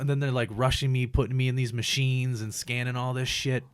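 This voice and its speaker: A man's voice: mid-range voice, brisk, smooth, dry recording, studio quality. A man casually telling a story on a podcast, rambling and swearing freely as he animatedly relives it. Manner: profane, rambling, animated retelling.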